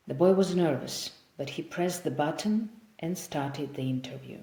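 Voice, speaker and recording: A woman narrating an audiobook in a slow, careful storybook reading style. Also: sits low, gravelly, warm tone. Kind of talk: scripted narration. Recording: roomy echo.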